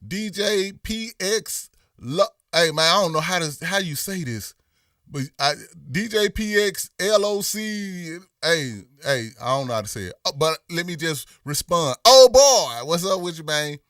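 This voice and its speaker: A man's voice: on the high side, unhurried, no echo, clean studio sound, recorded from a distance. A man with a Memphis Southern accent hosting a casual livestream, talking loosely and slangy and answering viewers in the chat. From Memphis, USA. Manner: slangy, animated when greeting viewers. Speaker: livestream host.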